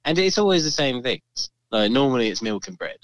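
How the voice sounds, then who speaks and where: A man's voice: medium pitch, big pitch swings, a little fast, dry recording. Wry man ranting sarcastically. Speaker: podcast co-host. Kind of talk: casual comedic chat.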